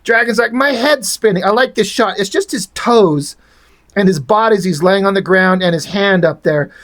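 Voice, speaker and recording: A man's voice: high voice, moderate pace, a bit bright. A man reviewing comic books in casual, rambling chat, frank and swearing freely.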